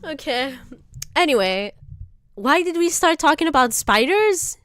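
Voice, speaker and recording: A woman streamer in casual reaction chat, profane and exaggerated, quick to laugh. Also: sits high, expressive, a bit bright, a little hiss or hum.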